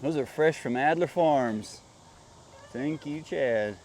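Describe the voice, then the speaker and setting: A man's voice: fairly high pitch, slow, darkish tone, a little hiss or hum. A man hosting a farm vlog outdoors, chatting casually and talking fondly to his animals. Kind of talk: casual chat while doing farm chores.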